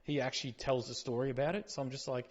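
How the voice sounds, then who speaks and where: Husky man, blunt and sweary. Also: mid-range voice, steady tone, fast, lo-fi sound. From Australia. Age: middle-aged. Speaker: podcast co-host. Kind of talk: casual chat.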